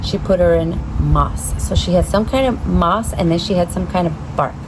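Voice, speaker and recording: A woman's voice: on the low side, normal speed. A woman chatting casually to camera about her orchids, rambling and easily startled, recorded outdoors by her backyard pergola. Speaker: orchid vlogger. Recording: outdoor recording with clear background noise.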